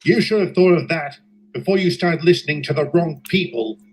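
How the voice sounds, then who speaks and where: A man's voice: a little high, a little fast, lightly acted, poor audio. A man voicing a tough, proud male station master, firm and clipped. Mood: stern.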